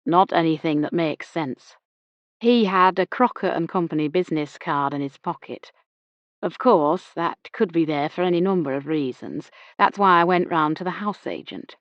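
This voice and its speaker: A woman's voice: lowish voice, normal speed, no echo, dull audio, natural voice. A woman voicing a polite, mild-mannered young male police constable in an audiobook. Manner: mild, courteous.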